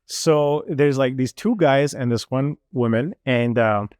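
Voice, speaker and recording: A young man telling a travel story in casual chat, animated and full of fillers. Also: medium pitch, a little slow, clean tone, no room sound, clean studio sound. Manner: animated, lots of fillers, mimics officials.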